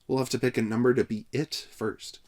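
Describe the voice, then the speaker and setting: A man's voice: mid-range voice, level tone, fairly quick, darkish tone, voice pushed up, close to an everyday voice. A man voicing a sly teenage boy running a summer camp, announcing in a mock-official way. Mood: mock-formal.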